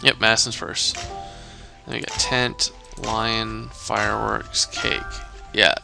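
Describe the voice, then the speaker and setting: A man's voice: fairly low pitch, little pitch movement, slow, creaky, music in the background. A man casually commentating a mystery game, rambling and thinking aloud. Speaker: gamer. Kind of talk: let's play commentary.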